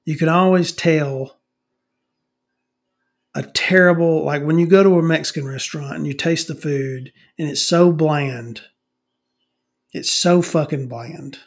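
A man's voice: a little high, a little slow, pauses often. Profane ranting middle-aged man. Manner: profane, ranting, swears constantly; rambling, with many restarts. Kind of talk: comedic podcast rant.

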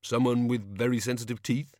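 A man's voice: medium pitch, fairly even intonation, fairly quick, a little mellow, no room sound, natural voice. Man voicing a tired grumpy god, sulky and grudging, dry close audiobook sound. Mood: glum. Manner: glum, grudging. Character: weary, gloomy male god of hangovers. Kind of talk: audiobook character voice.

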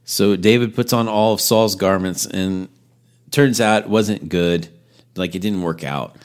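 A man's voice: low voice, unhurried. A man teaching a Bible lesson in a casual, storytelling way, with asides and restarts. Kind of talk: conversational sermon retelling scripture.

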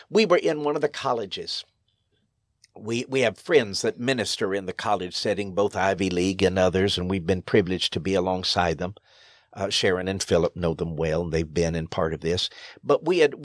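A man's voice: on the low side, no echo. A man, a pastor, telling stories in an interview in an earnest, emphatic way, his voice rising sharply on key phrases. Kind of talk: storytelling interview.

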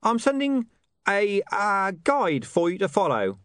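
A man voicing a secretive male informant who speaks in a gruff, hurried way. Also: high-pitched, wildly swooping pitch, a bit bright, no echo, studio quality, pitched above the performer's own voice, exaggerated voice. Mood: furtive.

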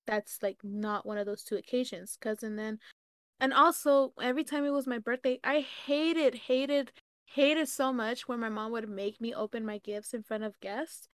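A young woman co-hosting a podcast, telling stories in casual chat, animated and swearing freely. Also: a little high, moderate pace, no echo, clean studio sound. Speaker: podcast co-host.

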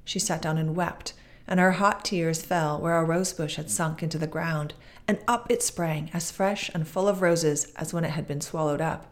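A woman with a low voice reads a fairy tale aloud. Her narration is measured and expressive, a storyteller's steady pace. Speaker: podcast guest reading aloud.

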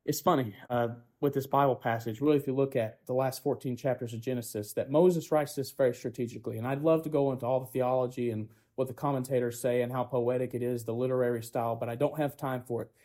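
Mellow-voiced male preacher asking rhetorical questions. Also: mid-range voice. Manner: asks the congregation rhetorical questions, often tagging "right?"; builds points through repetition. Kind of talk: sermon.

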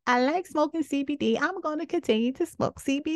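A woman in her thirties hosting a podcast, giving outspoken, sassy opinions in a casual way, with sudden jumps from low murmurs to high exclamations. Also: lively intonation, moderate pace, gravelly, few pauses, no room sound. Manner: sassy, outspoken, preachy asides. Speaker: podcast host.

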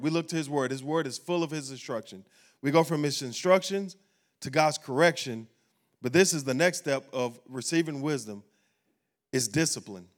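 A male pastor delivers a sermon in a church sanctuary, his voice sitting a touch higher than most men's. He preaches emphatically, repeating key phrases to drive each point home.

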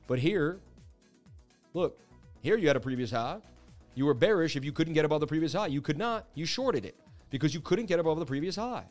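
A man's voice: fairly high pitch, animated, a little fast, darkish tone, faint music behind. A man of about forty hosting a crypto livestream, chatting casually and reading out viewer messages in a hyped, talkative way.

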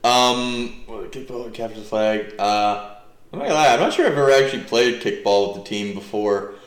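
Speaking a little fast at medium pitch, this young New Jersey man rambles animatedly as a podcast guest. "Like" pops up constantly among his many fillers, and a roomy echo surrounds his voice.

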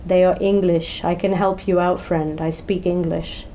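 A woman voicing a smooth-talking, scheming local man in a storybook reading. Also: on the low side, flat delivery, moderate pace, mellow, slight background noise, natural voice, low-quality recording. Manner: smooth, persuasive.

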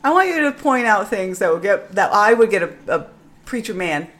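Lively, playful woman podcaster. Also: medium pitch, fairly quick. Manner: playful, laughing, teasing. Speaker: podcast co-host. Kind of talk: casual chat.

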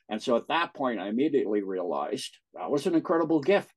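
A man, an interview guest, telling personal stories in casual talk, with a husky voice and frequent laughs. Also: medium pitch, big pitch swings, fast, few pauses, low-quality recording. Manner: laughs often while recounting.

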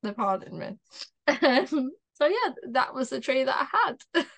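A woman's voice: sits high, very animated, a little slow, vocal fry, a bit bright. A young woman, a podcast co-host telling stories in casual chat and laughing often as she talks. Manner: chatty storyteller, laughs often while talking.

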